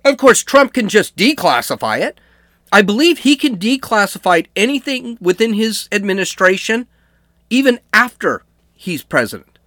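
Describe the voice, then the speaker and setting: A man's voice: high voice, sing-song, moderate pace, bright, forceful tone, dry recording, studio quality. A man hosting an opinionated commentary show, arguing his point through repeated rhetorical questions. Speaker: political commentary host.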